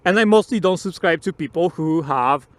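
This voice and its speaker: Sitting on his motorbike outside, a motovlogger speaks to the camera at a normal speed in a fairly high, fairly bright voice, recorded dry. He wanders casually from opinion to opinion, cursing a lot and laughing frequently.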